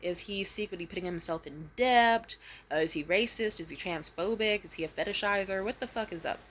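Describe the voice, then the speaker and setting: A young woman vlogging a casual storytime rant, swearing freely and switching to high, loud voices when she quotes people. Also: fairly quick. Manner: animated, profane, jumps into high voices when quoting.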